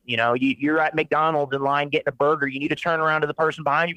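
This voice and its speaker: A man's voice: a little high, fairly even intonation, rapid-fire, few pauses, bright, forceful tone, no room sound, rough recording. A man who runs a welding business, talking bluntly and profanely in a motivational way on a casual podcast interview. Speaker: independent welder and business owner.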